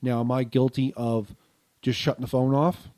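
A man's voice: medium pitch, little pitch movement, normal speed, dark tone. A middle-aged man with a stuffed-up nose co-hosting a casual podcast, rambling, with frequent ums and restarts. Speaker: podcast co-host.

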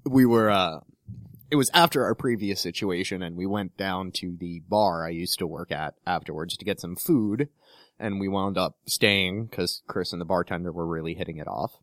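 A man's voice: low-pitched, normal speed, fairly bright tone, no room sound, studio quality. A man co-hosting a podcast, easygoing and teasing, who laughs often in casual chat. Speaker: podcast co-host.

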